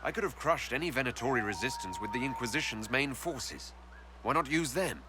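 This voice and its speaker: A man's voice: medium pitch, animated, brisk, noisy background, close to an everyday voice. An actor playing the player's commanding male hero in a video game, who asks pointed questions in an assertive way.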